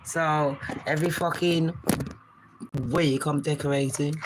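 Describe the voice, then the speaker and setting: A British woman in her forties hosting a casual live stream from her bedroom, talking fast and swearing freely as she chats to her viewers and calls them babes. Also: deep voice, fairly even intonation, background noise. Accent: British English.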